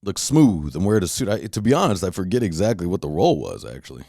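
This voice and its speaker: A man hosting a podcast, telling a profane, animated story in a casual rant with many restarts. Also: deep voice, quick pace, husky, no room sound, clean studio sound. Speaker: podcast host.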